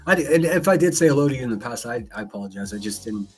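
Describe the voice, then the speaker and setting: A man's voice: mid-range voice, lively intonation, rapid-fire, darkish tone, faint music behind. A man hosting a casual live stream, reading chat aloud and commenting in a blunt, profane, mocking way. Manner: reads chat messages aloud. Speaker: live-stream host reacting to clips.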